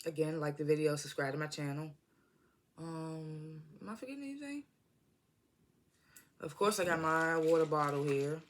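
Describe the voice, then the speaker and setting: American vlogger reviewing a tv episode on a phone, bright and punchy, super casual, lots of slang and do-overs. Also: medium pitch, flat delivery, moderate pace. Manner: loose, chatty, full of slang and self-corrections. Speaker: TV show reviewer. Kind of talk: casual rambling video review.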